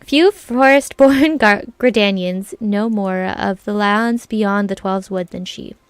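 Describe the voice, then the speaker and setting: A woman's voice: mid-range voice, slow pace, clean tone, no echo, lightly acted. A woman voicing a gracious elder woman who leads a forest city, reading formal lines aloud with small stumbles. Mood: solemn.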